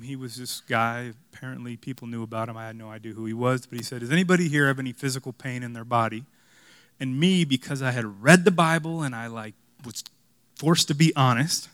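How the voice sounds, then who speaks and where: A young man preaching a sermon, telling a personal story with animated, self-mocking humor before closing with a call to prayer. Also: medium pitch, no echo. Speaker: pastor.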